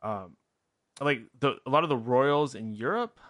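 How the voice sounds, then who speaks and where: A man's voice: medium pitch, lively intonation, unhurried, fairly bright tone, no room sound, clean studio sound. A man hosting a conversation, speaking hesitantly with frequent fillers and restarts. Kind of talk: casual conversation.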